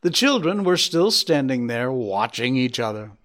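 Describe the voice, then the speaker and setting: A man reading a children's story aloud, bringing the characters to life with a varied voice. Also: normal speed. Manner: lively, voicing characters with shifting pitch. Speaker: narrator.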